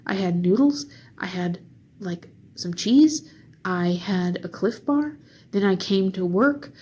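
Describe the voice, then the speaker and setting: A tired young woman in a casual vlog, venting slowly between sighs about a rough day on her diet. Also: medium pitch, animated, darkish tone. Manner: slow, weary, sighing. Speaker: vlogger.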